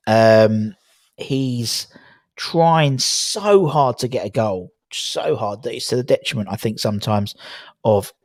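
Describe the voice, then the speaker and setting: A talkative man hosting a live call-in stream. His voice sits at an ordinary middle pitch and sounds close and dry, with no room around it. He rambles easily and gets lively when a point excites him. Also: slow pace, dry recording. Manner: chatty, swears casually, animated when excited. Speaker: host of a fan live-stream call-in show. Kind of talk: casual chat and football opinion.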